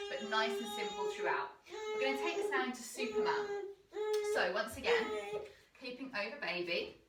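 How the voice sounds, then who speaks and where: A woman leads a yoga session, her pitch rising and falling in a lively, animated way as she gives gentle, encouraging breathing cues. She sounds roomy and set back from the microphone, in an indoor room. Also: background noise. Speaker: yoga instructor. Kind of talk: guided yoga class instruction. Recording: roomy sound from a distant mic.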